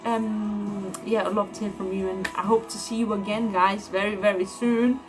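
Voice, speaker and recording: A woman's voice: mid-range voice, little pitch movement, moderate pace. Earnest woman giving a devotional talk. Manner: earnest and encouraging, with many repeated words and fillers. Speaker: devotional speaker. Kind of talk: informal devotional message. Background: background music.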